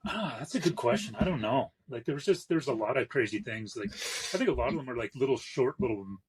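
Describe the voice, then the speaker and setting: A man's voice: mid-range voice, lively intonation, a little hiss or hum, poor audio. A man from western Canada, a tattooer, telling rambling shop stories in a casual podcast chat. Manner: rambling, quick anecdotes with acted-out quotes. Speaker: tattooer guest. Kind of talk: casual storytelling.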